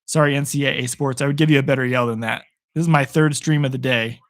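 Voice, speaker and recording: A young man from Arizona, hoarse after a long day, casually calling football play by play on a live stream and chatting with viewers, rising with excitement on big plays. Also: medium pitch, fast. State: hoarse, voice worn out.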